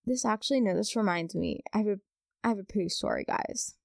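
A young woman hosting a podcast, chatting casually and reading listener stories aloud with expressive, dramatic emphasis. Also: mid-range voice, a little fast, gravelly, dry recording, clean studio sound. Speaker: podcast host.

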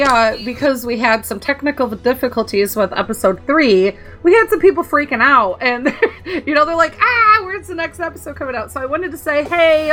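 A woman's voice: a little high, bright, forceful tone. A woman co-hosting a gaming podcast, chatting casually with a rambling, giggly manner. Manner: giggly, rambling, laughs often. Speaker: podcast co-host. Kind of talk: casual chat.

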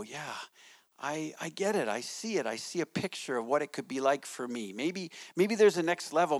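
A middle-aged man, a pastor, preaching a sermon to his church in a conversational way, often checking in with "right?". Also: mid-range voice. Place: church sanctuary.

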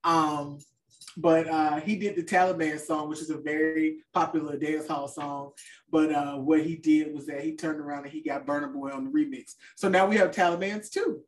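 A woman's voice: sits low, fairly even intonation, normal speed, far from the mic. A woman co-hosting a podcast in casual chat, talking loosely with fillers and trailing off. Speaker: podcast co-host.

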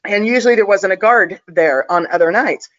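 A woman's voice: mid-range voice, moderate pace, a bit bright. Chatty woman telling a story, muffled. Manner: chatty, confident, full of fillers. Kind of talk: casual storytelling.

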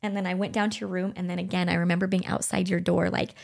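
A middle-aged woman co-hosting a podcast, speaking gently and earnestly as she reflects on her own experiences. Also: medium pitch, fast, gravelly. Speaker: podcast co-host. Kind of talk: heartfelt conversational podcast talk.

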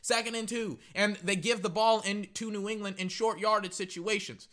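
A man rambles casually through live reactions to a football game in the role of fan commentator, getting excitable and repeating himself. He speaks at a moderate pace in a high voice.

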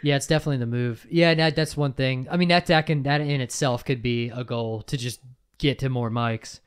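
A man's voice: mid-range voice, fairly even intonation, a little fast, clean tone. A man hosting a podcast in casual chat, joking and laughing easily. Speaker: podcast host.

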